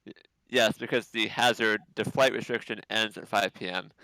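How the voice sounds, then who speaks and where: A man on a live launch stream, announcing schedule updates in a clear, matter-of-fact way. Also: fairly low pitch, steady tone, normal speed, sharp tone, dry recording, poor audio. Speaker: livestream host giving updates.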